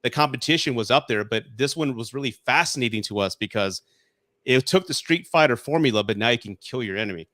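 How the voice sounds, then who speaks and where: A man's voice: mid-range voice, animated, quick pace, sharp tone, no room sound. 40s guy rambling through old memories, lots of restarts, dead dry mic. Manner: nostalgic storyteller, many restarts. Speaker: guest reviewer. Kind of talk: casual podcast chat.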